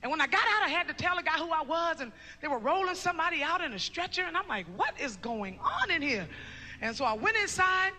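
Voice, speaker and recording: A woman telling her testimony in a sermon, recounting the story with emphasis and breaking into shouted praise. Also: very high-pitched, animated, fast, hardly any pauses, big-room sound. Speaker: mother giving testimony.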